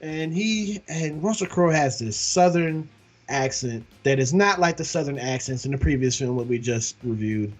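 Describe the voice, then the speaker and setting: A man's voice: medium pitch, lively intonation, normal speed. A man co-hosting a casual movie review podcast, laughing often as he retells scenes. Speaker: podcast co-host.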